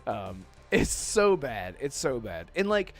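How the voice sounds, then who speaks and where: A man hosting a gaming podcast in casual chat, excitable and laughing often as he rants. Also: mid-range voice, slow pace, creaky, faint music behind. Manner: excitable, laughs often, swears while ranting. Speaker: podcast host.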